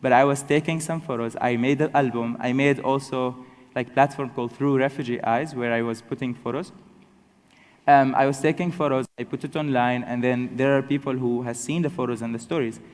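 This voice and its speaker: A young man giving a personal storytelling talk to an audience, halting and self-correcting but good-humored. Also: mid-range voice, steady tone. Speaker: speaker telling his story to an audience. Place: large hall with an audience. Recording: long hall reverb.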